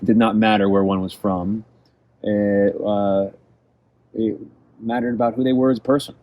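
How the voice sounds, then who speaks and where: Low-voiced man from California. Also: flat delivery, normal speed, highs cut off. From California, USA. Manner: enthusiastic, reflective storyteller. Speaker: interview guest, world traveler. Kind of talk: casual interview conversation.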